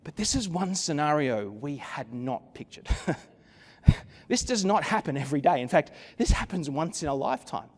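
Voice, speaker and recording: A man's voice: a little high, very animated, moderate pace, breathy edge, in a large hall. A man giving a conference keynote, telling a story dramatically with wry asides into a stage microphone. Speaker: keynote speaker. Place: conference venue.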